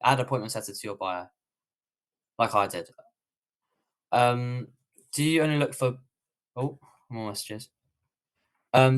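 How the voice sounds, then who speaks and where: A man's voice: medium pitch, a bit bright. Rambling British man coaching on a livestream. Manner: casual, rambling, many fillers and restarts. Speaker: online coach. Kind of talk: livestream Q&A tutorial.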